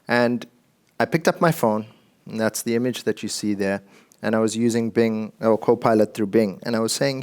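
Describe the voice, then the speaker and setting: A man's voice: on the low side, normal speed, clean tone. Man giving a chatty tech talk. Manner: conversational and joking, addressing the audience. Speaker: conference speaker.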